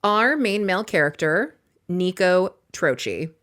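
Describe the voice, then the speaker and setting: Woman, podcast co-host, lowish voice, chatty, plot recap with playful asides. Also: sing-song, takes it slowly, fairly bright tone. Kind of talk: casual book-recap chat.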